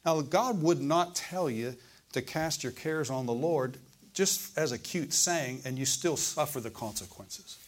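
Preaching man swinging loud to hushed. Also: a little high, unhurried. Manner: preacherly, asks the congregation questions, swings between loud and hushed. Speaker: pastor. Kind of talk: sermon. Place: church service.

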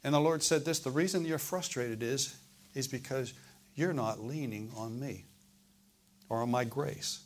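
A man preaching a sermon in a church service, asking the congregation questions and swinging between loud and hushed delivery. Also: mid-range voice, unhurried, slight background noise. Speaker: pastor.

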